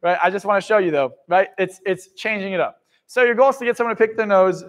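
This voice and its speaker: A man giving a live motivational seminar talk to an audience, blunt and profane, swinging from loud outbursts to hushed asides. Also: high-pitched, fast. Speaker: motivational speaker.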